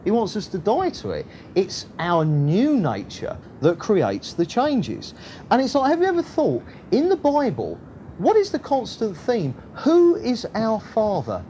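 A man preaching a sermon, shifting between loud emphasis and quiet, low asides. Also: wildly swooping pitch, a little slow, a little hiss or hum. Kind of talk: sermon, Bible teaching.

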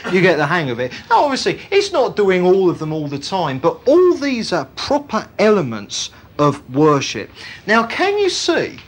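A preacher giving an emphatic Bible teaching sermon, often putting rhetorical questions to the congregation. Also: mid-range voice.

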